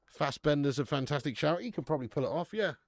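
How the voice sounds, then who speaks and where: A young man hosts a football watch-along stream, chatting casually with viewers, swearing freely and commentating on the match. His voice is on the high side, expressive and fast, in a dry recording.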